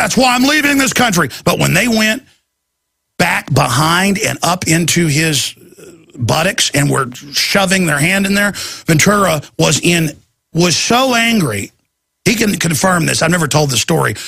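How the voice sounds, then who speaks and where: Man, talk show host, ranting monologue, restarts and stammers, bright forceful tone, dry close sound. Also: on the high side, vocal fry, husky, no room sound. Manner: rambling storytelling with restarts and stammers; acts out quoted people in shifting voices.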